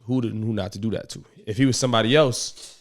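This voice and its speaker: A man's voice: fairly low pitch, quick pace. A man in his thirties hosting a podcast, chatting casually and animatedly, acting out quotes in playful voices. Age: 30s. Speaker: podcast host. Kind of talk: casual chat.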